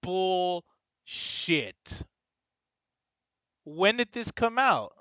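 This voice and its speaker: Young male streamer, somewhat high pitched, excitable casual chat with viewers, heavy swearing. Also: very slow, no echo.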